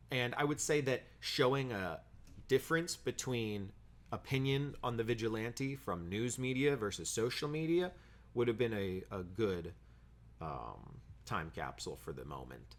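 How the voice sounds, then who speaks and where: A man giving a casual film review, blunt and critical, with frequent "um" fillers and the odd swear word. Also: medium pitch.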